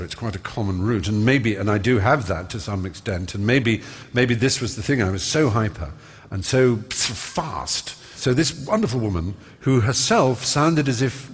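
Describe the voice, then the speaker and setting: Fluent, fast-storytelling English man. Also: on the low side, breathy edge. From England. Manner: quick, fluent storytelling with fond mimicry. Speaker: guest on stage. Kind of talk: live on-stage conversation. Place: large concert hall stage.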